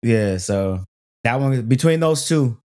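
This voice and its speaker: A man co-hosting a loose conversation about anime, his pitch rising and falling a lot as he talks. He rambles, stalls on fillers and restarts his sentences. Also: expressive, slow, mellow. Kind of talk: casual chat about anime.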